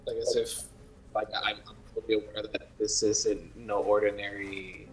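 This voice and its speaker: A man's voice: on the low side, flat delivery, unhurried, poor audio. A man playing a tabletop game, describing his moves hesitantly with restarts. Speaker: player.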